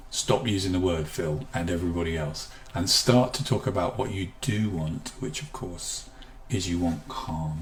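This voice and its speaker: A man talks through a live online health seminar in a fairly low voice. The room around him rings with echo. He often slows and softens his delivery to show how calm speech sounds. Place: room at home with a guitar behind.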